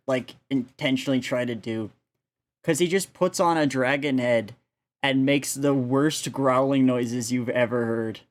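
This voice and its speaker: A man casually chatting on a live stream from his home setup into a standalone desk mic, rambling with lots of fillers and frequent laughter. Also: medium pitch. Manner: rambling, laughs often, many filler likes.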